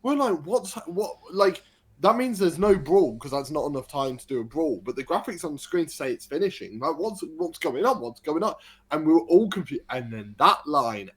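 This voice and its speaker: Man, podcast co-host, casual chat, excited storytelling. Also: on the high side, breathy edge. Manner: excited storytelling, animated retelling.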